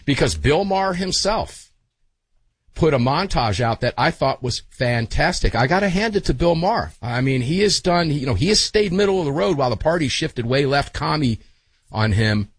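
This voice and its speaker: A middle-aged man hosting a live talk radio show from his studio, energetic and folksy, calling guests brother. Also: a little high, normal speed, slightly rough, no room sound.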